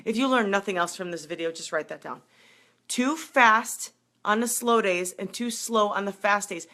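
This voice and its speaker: A hyped-up middle-aged woman coaching runners on a live stream. Her voice is bright and forceful, and her pitch sits in the middle for a woman. She talks fast and greets her viewers as she goes. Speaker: running and triathlon coach. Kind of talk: live video chat with viewers.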